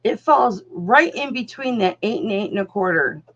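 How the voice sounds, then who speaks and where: A woman's voice: mid-range voice, expressive, moderate pace, fairly bright tone. A woman hosting a live online jewelry auction, chatting casually and calling viewers darling, honey and doll. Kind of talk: casual live-stream selling chat. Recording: dull lo-fi sound.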